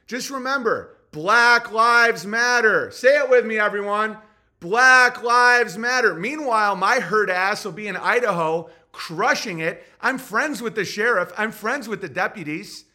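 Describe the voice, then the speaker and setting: Podcast host, male, bright tense voice, sarcastic and profane rant. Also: sits high.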